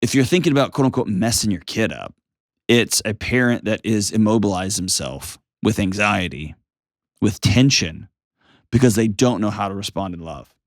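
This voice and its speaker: A man in his forties hosting a call-in advice show, calm, reassuring and emphatic as he coaches a caller. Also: fairly low pitch, normal speed, no room sound, clean studio sound. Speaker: host.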